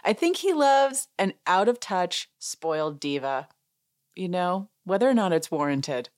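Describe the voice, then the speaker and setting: A woman's voice: fairly low pitch, sing-song, a little slow. A woman hosting a podcast, casually recapping a show as an amused, chatty storyteller who laughs and acts out what others said. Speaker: podcast host.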